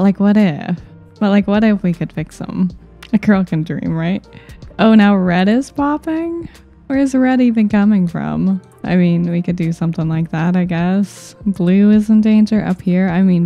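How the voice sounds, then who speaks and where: A woman with a low, gravelly and very dark voice talks through her game as she plays. She muses aloud in a wry, self-mocking way while faint music plays underneath. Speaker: gameplay commentator. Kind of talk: casual gameplay commentary.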